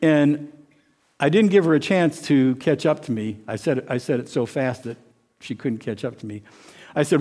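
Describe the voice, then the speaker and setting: A man giving an informal sermon through a personal story, halting and often repeating words as he restarts. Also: mid-range voice, darkish tone.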